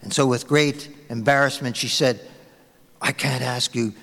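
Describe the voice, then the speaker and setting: A man's voice: mid-range voice, steady tone, unhurried, vocal fry, long reverb tail. A man preaching a sermon as a pastor, telling anecdotes in a conversational way to his congregation. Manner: storytelling, conversational, warm anecdotes.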